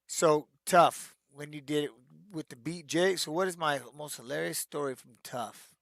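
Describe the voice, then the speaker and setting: A middle-aged man, a retired fighter, answering fan questions in a casual live-stream chat, telling stories and acting out shouted quotes. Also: on the high side, moderate pace, vocal fry, dry recording, clean studio sound. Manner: animated storyteller who acts out shouted quotes, peppered with "man".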